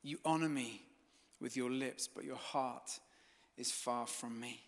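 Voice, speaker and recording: A man's voice: mid-range voice, fairly even intonation, takes it slowly, long reverb tail. A man preaching a sermon as pastor, telling stories dramatically and building to fervent peaks. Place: church hall.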